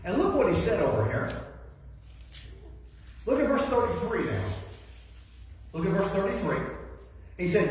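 A man's voice: high-pitched, very animated, measured pace, pauses often, a little hiss or hum. A man preaching a sermon as a guest speaker, repeating key phrases and reading scripture aloud. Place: church sanctuary. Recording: echoey hall, voice from far off.

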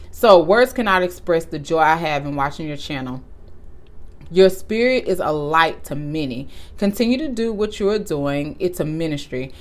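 A young woman hosting a casual vlog, talking in a warm, effusive way and often close to tears. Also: fairly low pitch. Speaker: channel host.

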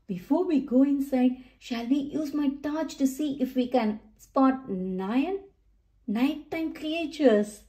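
Woman reader playing a gentle old grandpa pig, slow and mellow. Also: sits high. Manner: gentle, hushed at times.

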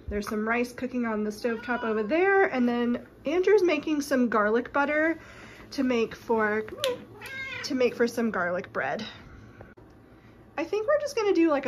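Brief: woman vlogger, slightly high voice, congested and nasal from a cold, easygoing chat with a faint room hum. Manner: chatty, relaxed, with frequent "like" and "um". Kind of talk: casual chat.

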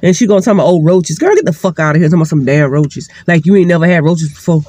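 A woman's voice: lowish voice, animated, racing, a little mellow. A single mother speaking to her vlog camera, venting in a heated, profane, emphatic monologue. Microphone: sitting, talking straight to camera.

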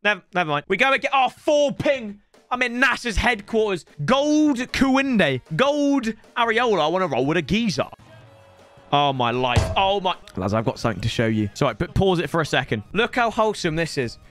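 A young man giving excitable, joking live commentary on a football video game, often breaking into yells. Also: high voice, a little fast, no echo, faint music behind. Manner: excitable, joking banter with bursts of yelling. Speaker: gaming YouTuber.

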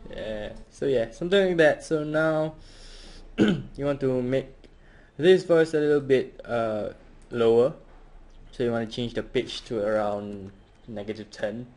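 A man's voice: medium pitch, a little slow, a little mellow. A man hosting a casual home tutorial, hesitant and full of fillers. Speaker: tutorial host.

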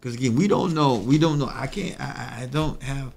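Gravelly pastor teaching scripture. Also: male voice, medium pitch, brisk, a little mellow, soft background music. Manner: reads scripture aloud, then explains in a folksy, repetitive way. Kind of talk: bible study teaching.

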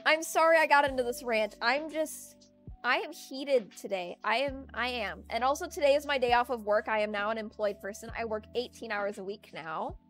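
Chatty high-voiced young woman ranting. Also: normal speed, a bit bright. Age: young adult. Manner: ranting, chatty, laughs often. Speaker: streamer. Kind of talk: casual chat. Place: at home. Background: faint music playlist.

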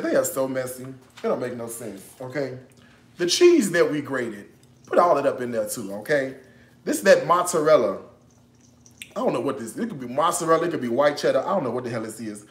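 A talkative man walks viewers through a recipe on a casual cooking livestream. His voice sits a little high and swings up and down a lot as he jokes and laughs his way along. The sound carries the echo of a roomy kitchen. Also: sing-song, normal speed, fairly bright tone. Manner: chatty, joking, bursts of laughter. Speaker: cooking show host.

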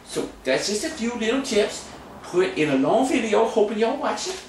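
A man's voice: high-pitched, very animated, normal speed. A man clowns through a drum lesson with goofy, mock-boastful talk, repeating phrases over and over. His voice comes from a distance in a very echoey room with faint noise behind it. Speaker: drum teacher. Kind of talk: comedic casual drum lesson.

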